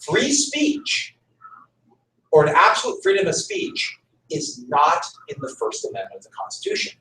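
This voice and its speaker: A man's voice: fairly high pitch, wildly swooping pitch, moderate pace, sharp tone. A man teaching a class, making his points emphatically and repeating them. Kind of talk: classroom lecture. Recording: echoey room, mic far off.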